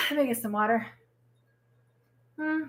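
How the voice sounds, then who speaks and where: A woman giving a casual livestream tarot reading, animated and exclamatory, swearing freely. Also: high voice, slow. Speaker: tarot reader.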